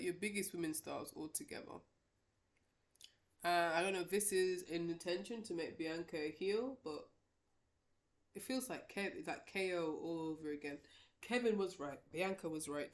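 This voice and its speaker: A woman vlogger giving casual, opinionated wrestling predictions, rambling with many restarts and fillers. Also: low-pitched.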